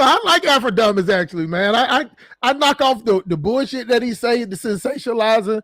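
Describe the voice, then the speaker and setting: High-voiced man joking crudely on stream. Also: lively intonation, fairly quick, a bit bright, no room sound. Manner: crude, joking, laughs often. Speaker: stream host. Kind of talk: casual chat.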